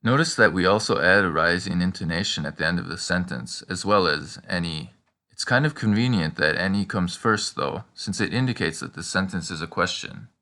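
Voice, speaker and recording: Male teacher for a scripted lesson, bright and forceful tone, slows down for the examples. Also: deep voice. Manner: prompting the listener with questions and pauses. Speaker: language teacher.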